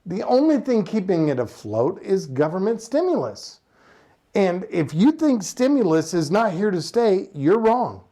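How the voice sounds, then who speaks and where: Lively, sarcastic ranting vlogger. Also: mid-range voice. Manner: passionate, sarcastic, rhetorical questions. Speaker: economic commentator. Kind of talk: casual opinion vlog rant.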